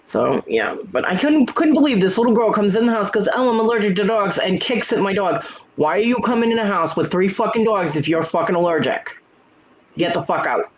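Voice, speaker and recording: A man's voice: high-pitched, sing-song, brisk, lo-fi sound. Blunt, cussing man telling home stories. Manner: blunt, profane storytelling. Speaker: livestream host. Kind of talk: casual chat.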